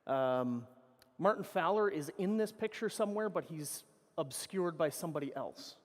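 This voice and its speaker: A man's voice: fairly high pitch, animated, normal speed. Middle-aged man rambling on stage in echoing hall. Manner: casual, profane, rambling with self-corrections. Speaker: conference speaker. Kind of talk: anecdotal conference talk. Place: large conference hall. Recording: reverberant conference hall.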